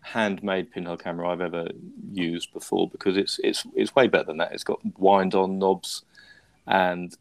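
A man's voice: deep voice, flat delivery, normal speed, creaky. A man hosting a podcast, telling a story in a rambling, self-mocking way with lots of restarts. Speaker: podcast host. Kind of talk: casual chat.

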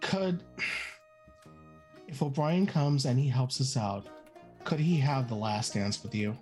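A woman's voice: very deep voice, takes it slowly, mellow, soft background music. A woman playing a tabletop game, blunt and casually swearing. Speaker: player.

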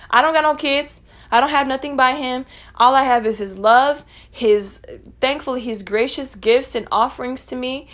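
A young woman talks straight to her listeners in a casual solo podcast. Her voice sits a little high, and she speaks bluntly and with feeling, swearing freely as she goes. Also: fairly bright tone. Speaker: podcast host. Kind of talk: casual personal podcast monologue.

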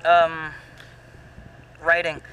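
A man's voice: on the high side, monotone, extremely slow, sharp tone, dull audio, a little hiss or hum. A man chatting casually who asks loose, rambling questions and trails off mid-thought. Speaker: conversation partner. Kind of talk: casual chat.

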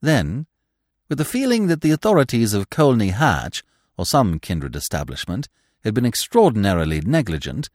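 A man narrating a classic story as an audiobook, with an expressive, wry storytelling delivery. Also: lowish voice, no echo, clean studio sound.

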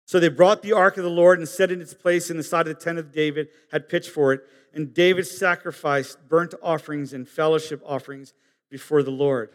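A man preaching a sermon, earnest and halting, swinging from emphatic high peaks down to soft low asides. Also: fairly even intonation, long reverb tail. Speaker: pastor.

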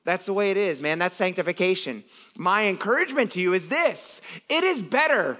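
Man, pastor, casual animated sermon, slightly higher voice, acts out quotes. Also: fairly quick. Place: church sanctuary.

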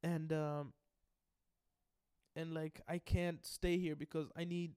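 A man's voice: a little high, little pitch movement, takes it slowly, warm tone, smooth, no room sound, clean studio sound. A man voicing a rude, blunt young swordsman who swears and brushes people off. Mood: refusing. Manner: crude, swearing, brusque.

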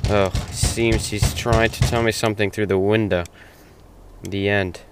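A man's voice: lowish voice, flat delivery, measured pace, clear, resonant tone, soft background music. A man playing an earnest, unsure young junior innkeeper in an audio drama, talking in a hesitant, rambling way full of ums and restarts. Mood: puzzled. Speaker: stand-in host. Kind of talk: hobby audio drama monologue.

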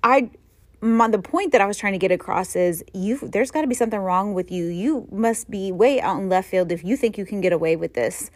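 A woman's voice: medium pitch, a little fast, no echo. A middle-aged woman hosting a podcast, telling rambling, self-mocking stories in a casual chat with frequent laughter. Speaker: podcast host.

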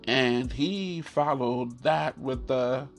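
A man telling a funny personal story in casual chat, animated and laughing often, swearing freely and repeating his punchlines. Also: medium pitch.

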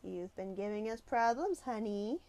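A stern schoolteacher, read by a woman, with a cold and clipped way of giving orders. Her voice sits at an ordinary middle pitch, and each word lands as a threat. It comes from a storybook reading. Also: animated, a little slow, darkish tone. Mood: menacing. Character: stern, menacing female schoolteacher.

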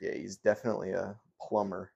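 A man's voice: deep voice, flat delivery, brisk, vocal fry, highs cut off, crowd noise. A man co-hosting a podcast, joking and swearing in casual chat. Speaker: podcast co-host.

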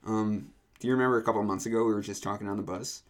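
A man's voice: on the low side, steady tone, racing. Young man rambling through a bus story. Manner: laid-back, rambling storyteller. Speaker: podcast co-host. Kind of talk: casual anecdote telling.

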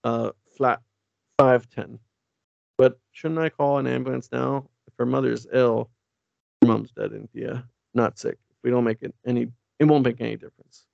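A man with a heavily gravelly voice chats casually on a comics podcast. He reads panels aloud and slips into playful character voices. The sound is dry and a little dull, like a home setup. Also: medium pitch, steady tone, moderate pace, darkish tone, no echo. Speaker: podcast co-host.

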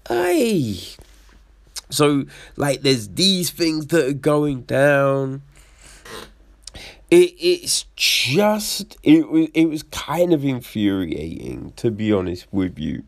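A man giving casual commentary as a reviewer, swearing and acting out quoted lines in an animated way. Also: fairly high pitch, takes it slowly, vocal fry, no room sound, studio quality.

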